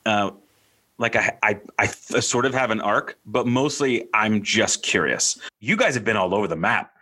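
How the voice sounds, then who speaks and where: Bright-voiced male podcast host. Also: on the low side, expressive, moderate pace, slight background noise. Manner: curious, rambling questions with many restarts. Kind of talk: conversational interview.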